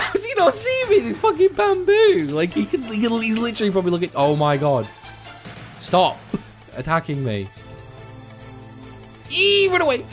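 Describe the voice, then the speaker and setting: Sweary young gamer, excitable. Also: male voice, mid-range voice. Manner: excitable, sweary, swings between mumbling and shouting. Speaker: gaming video host. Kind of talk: casual gameplay commentary. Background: faint background music.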